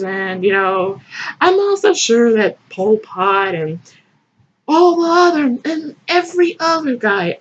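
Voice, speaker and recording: A woman's voice: mid-range voice, highs cut off. A woman giving sarcastic, mocking comedic commentary as host. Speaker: host reading and mocking fan fiction.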